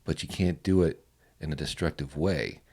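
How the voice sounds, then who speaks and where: Male host, extremely deep voice, relaxed, agreeable, casual chat. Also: moderate pace. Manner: relaxed, agreeable, says "man" and "dude". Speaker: podcast host.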